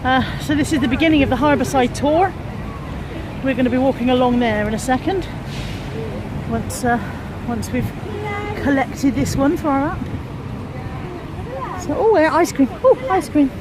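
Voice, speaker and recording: A woman narrates a walking vlog as she goes, chatty and ready to laugh at herself. Her voice sits a little high, and she holds the camera in her hand outdoors. City traffic and street noise come through clearly behind her. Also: moderate pace, pauses often. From England, Bristol. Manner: chatty, self-mocking, narrating as she walks. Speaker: vlogger. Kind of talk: casual walk-and-talk vlog.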